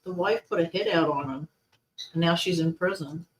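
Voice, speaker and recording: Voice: mid-range voice, normal speed, rough recording. A co-host of a paranormal talk show, chatting casually and gossiping, often breaking off mid-thought. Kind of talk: casual chat.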